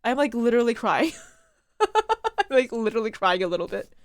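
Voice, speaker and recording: A young woman streaming a game playthrough, talking excitedly and emotionally, swearing often. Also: on the high side, moderate pace, pauses often, no echo. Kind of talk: live game playthrough commentary. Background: faint game music.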